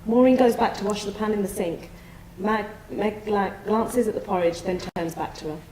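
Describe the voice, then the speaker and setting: Mellow-voiced woman reading stage directions. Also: mid-range voice, moderate pace, roomy sound, slight background noise, rough recording. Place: theatre studio.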